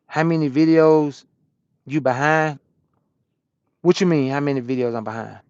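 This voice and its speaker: A man who drives a truck, chatting casually with his stream chat from his cab and answering questions out loud in loose slang. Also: on the high side, moderate pace, clean tone, no echo, lo-fi sound. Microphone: small camera-mounted microphone.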